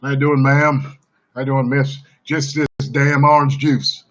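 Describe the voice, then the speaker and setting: A man putting on a brash Southern redneck wrestler persona, cussing in a gruff drawl. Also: mid-range voice, level tone, unhurried, fairly bright tone, dull audio, voice pushed up, natural voice. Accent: Southern US (put on).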